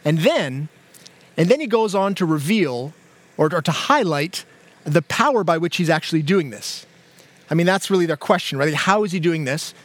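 A pastor preaches a sermon conversationally, full of fillers, restarts, and repeated words. His voice is a little high and expressive, at normal speed.

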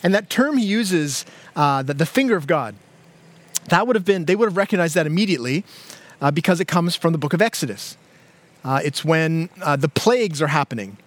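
A man's voice: fairly high pitch, expressive, fairly quick. A man, a pastor, preaching a sermon in a conversational way, with many fillers and restarts. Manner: conversational, with frequent fillers and repeated words.

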